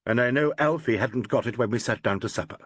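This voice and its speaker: A man's voice: medium pitch, fast, slightly rough, no echo, close to an everyday voice. A man voicing a flustered leading actress who speaks hurriedly and falters in a storybook mystery.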